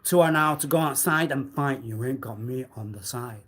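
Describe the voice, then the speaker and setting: A man on a live stream delivering a rambling, accusatory monologue, swinging between loud outbursts and low muttering. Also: normal speed. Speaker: livestreamer.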